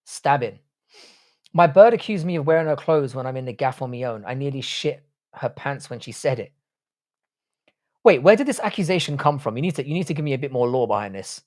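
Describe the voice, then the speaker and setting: A man's voice: mid-range voice, expressive, fairly quick, long pauses, darkish tone. British-accented male streamer, blunt crude banter, casual live-stream chat. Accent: British English. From Ireland, raised in England. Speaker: university professor.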